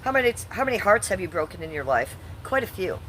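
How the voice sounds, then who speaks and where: A woman's voice: medium pitch, sing-song, fast, a bit bright, a little hiss or hum. A woman in her fifties live streaming casually, reading her chat aloud and answering it bluntly, swearing at hecklers. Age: 50s. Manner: blunt, combative, swears at chatters.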